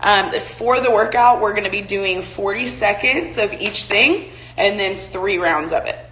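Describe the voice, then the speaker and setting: Young woman demoing a home workout, bright-voiced, recorded in an echoey room from a distance. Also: mid-range voice, measured pace. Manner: chatty, coaching, talks while exercising. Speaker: softball player leading a workout. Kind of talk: casual home workout demo. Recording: echoey room, mic from afar.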